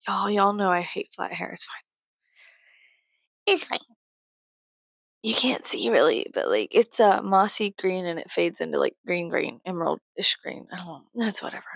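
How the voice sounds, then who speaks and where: A woman vlogger ranting in a casual, rambling way, full of swearing, jumping from loud outbursts to low mutters. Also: gravelly, no echo.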